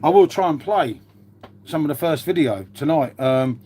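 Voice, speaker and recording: A man's voice: on the high side, lively intonation, moderate pace, mellow. A man chatting casually on a live stream, rambling and swearing now and then. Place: outdoors.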